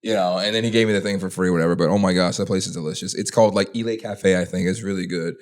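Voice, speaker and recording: Fast-talking young podcast host. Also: male voice, low-pitched. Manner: animated storyteller, jumps into funny voices. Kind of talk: casual chat.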